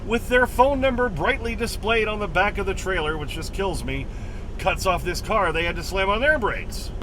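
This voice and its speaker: A man's voice: high-pitched, normal speed. A man, a truck driver, narrating his dash cam footage in a casual vlog, bluntly exasperated with other drivers. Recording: clear road noise behind.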